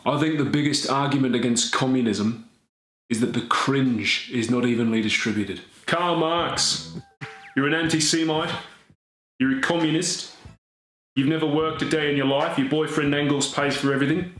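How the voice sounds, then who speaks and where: A man's voice: medium pitch, moderate pace, fairly bright tone, reverberant, a little hiss or hum, close to an everyday voice, rough recording. A man playing a dumb, boorish Australian drama YouTuber with an Australian accent in a comedy sketch, taunting and mock-aggressive.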